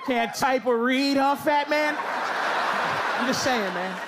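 A man doing loud, teasing stand-up crowd work on a comedy stage. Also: very high voice, animated, a little slow. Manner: loud, teasing, riffing with the audience. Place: comedy stage before a live audience. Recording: noisy live show with crowd laughter.

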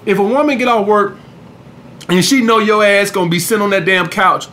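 A man's voice: high voice, a little fast, bright, forceful tone. A man hosting a dating advice podcast, blunt and profane, who keeps saying "all right, guys". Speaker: podcast host, dating coach. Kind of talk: casual advice monologue.

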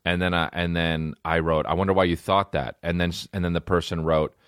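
A man's voice: low-pitched, level tone, a little fast, a bit bright, clean tone, no room sound, clean studio sound. A man hosting a podcast, ranting casually and profanely with rambling asides and mock rap lines. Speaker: podcast host. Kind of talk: casual comedic rant.

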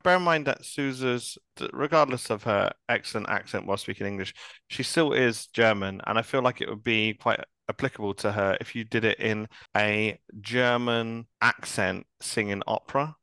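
Male co-host, bright and forceful, teasing banter. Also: on the low side, moderate pace, vocal fry, clean tone, no room sound. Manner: joking, teasing. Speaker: podcast co-host. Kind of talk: casual chat.

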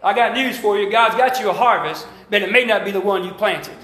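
A man from Alabama preaching with a strong Southern accent, his voice very high for a man and bright, nearly sharp. He keeps calling out to the congregation for answers, swinging from emphatic rising lines to folksy asides. The sound is roomy and echoey, as in a church sanctuary. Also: a little fast. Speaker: pastor. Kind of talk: sermon.

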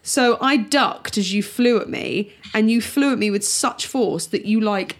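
A woman's voice: fairly high pitch, a little slow. A woman chatting casually as an older sister, telling family stories with laughter. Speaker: podcast co-host, older sister. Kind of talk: casual chat.

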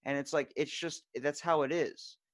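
A man from Maryland hosting a casual podcast chat, an animated storyteller who swears freely. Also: on the high side, moderate pace, no room sound, studio quality. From Maryland, USA. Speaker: podcast host.

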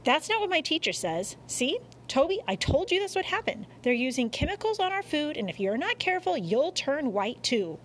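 A woman reading a storybook and voicing an eager young boy who lectures quickly and insistently. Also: sits high, very animated, fairly bright tone, slight background noise, voice pushed up. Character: know-it-all young boy, eager and preachy.

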